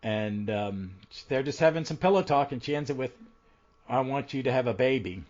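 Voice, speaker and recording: Male podcast host, casual rambling recap, mid pitch, muffled lo-fi audio. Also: animated, moderate pace, a little mellow. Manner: rambling recap with frequent ums and restarts. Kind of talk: casual comic book podcast chat. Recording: dull lo-fi audio.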